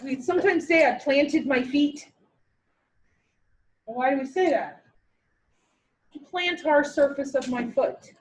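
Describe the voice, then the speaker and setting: High-voiced teacher quizzing her class. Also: takes it slowly, pauses often, a little hiss or hum, poor audio. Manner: lively, asks the class questions and answers them herself. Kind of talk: classroom lecture.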